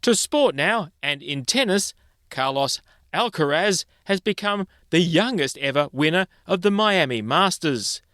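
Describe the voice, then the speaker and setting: A male news presenter reads bulletins in a measured, clear style. His voice sits a little high for a man, and the studio sound is dry and close. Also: animated, a bit bright, no echo. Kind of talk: scripted news reading. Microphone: studio microphone.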